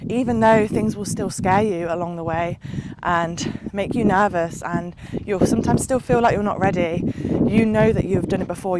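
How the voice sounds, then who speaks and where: A woman vlogger giving an earnest, passionate motivational talk to camera, with long run-on, repetitive sentences. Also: lowish voice. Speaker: lifestyle vlogger. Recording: loud background noise.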